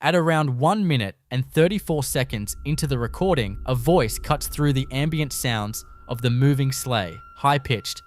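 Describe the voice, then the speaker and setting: A man's voice: medium pitch, expressive, slight background noise. Man narrating a spooky compilation. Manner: measured, suspenseful storytelling. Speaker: narrator of a horror compilation channel. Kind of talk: scripted narration.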